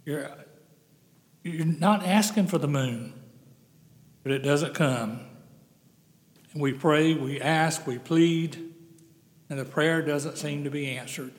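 A man preaching a sermon as pastor, earnest, slowing down to stress key phrases. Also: a little high. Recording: long hall reverb.

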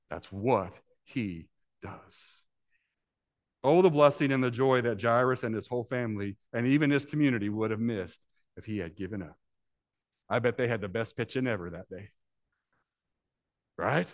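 Male pastor, mid-pitched, dramatic sermon delivery, acts out voices, big swings from soft to loud. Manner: acts out voices in Bible scenes.

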